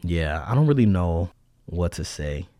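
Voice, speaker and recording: A man co-hosting a casual couples podcast, relaxed and teasing, often restarting his sentences. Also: deep voice, unhurried, no room sound, studio quality. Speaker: podcast co-host. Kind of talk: casual chat.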